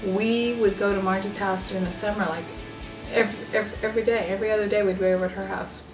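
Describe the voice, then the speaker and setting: A woman telling family stories in a casual chat, animated, acting out quotes. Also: quick pace, echoey room, recorded from a distance, over music, rough recording. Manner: animated, acts out quotes in a high voice.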